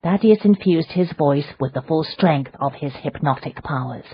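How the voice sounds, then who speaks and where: A woman narrating an audiobook in a measured, dramatic storytelling style. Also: low-pitched, husky, no room sound, muffled recording. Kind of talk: scripted narration.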